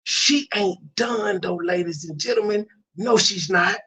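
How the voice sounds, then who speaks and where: A man's voice: sits high, a little slow, pushed and bright, breathy edge. Profane ranting male commentator. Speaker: commentary channel host. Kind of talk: reaction commentary.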